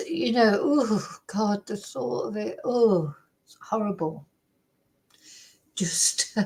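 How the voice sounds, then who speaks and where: Woman, slightly high voice, rambling casual chat, lots of fillers. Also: low-quality recording. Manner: chatty, rambling, many fillers and tag questions. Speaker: true crime commentary channel host.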